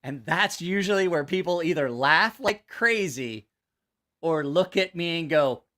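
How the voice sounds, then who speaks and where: A man's voice: on the high side, unhurried. A man hosting his channel, telling crude jokes in casual livestream style, swearing freely and laughing at his own punchlines. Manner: animated joke telling. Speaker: channel host.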